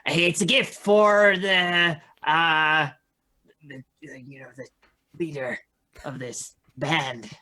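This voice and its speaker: A fervent city kobold who believes in its dragon goddess more than its kin do, played by a player at the table. The voice is bright and earnest, with small hesitations between phrases. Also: mid-range voice, fairly even intonation, takes it slowly. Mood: eager.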